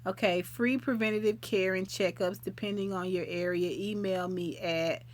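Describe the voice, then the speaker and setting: A woman's voice: mid-range voice, steady tone, moderate pace. Middle-aged woman host, easygoing live chat with viewers, homespun expressions. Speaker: livestream host.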